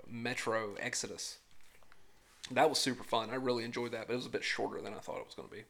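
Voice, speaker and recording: A man's voice: mid-range voice, fairly even intonation, fast talker, creaky, a bit bright. A man chatting casually with friends on a podcast, blunt and opinionated, swearing freely. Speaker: podcast co-host. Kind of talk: casual chat among friends.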